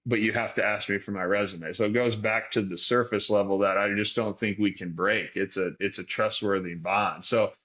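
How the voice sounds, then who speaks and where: Man from Detroit, performance coach, podcast guest; bright, lo-fi, thinks aloud. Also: on the low side, steady tone, moderate pace, hardly any pauses. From Detroit, Michigan. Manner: philosophical, thinks aloud with restarts. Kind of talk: reflective podcast conversation.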